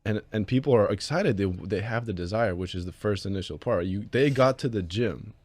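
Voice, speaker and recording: Casual, low-voiced male fitness trainer. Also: brisk, a little mellow, dry recording. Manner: casual, laughs easily, says "right?" often. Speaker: guest, personal trainer. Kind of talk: interview conversation.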